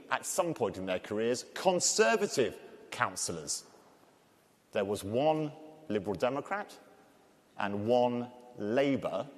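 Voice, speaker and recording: A man with a Scouse accent moderating a conference panel, jokey and self-deprecating. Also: medium pitch. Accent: Liverpool (Scouse). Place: large conference hall. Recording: long hall reverb.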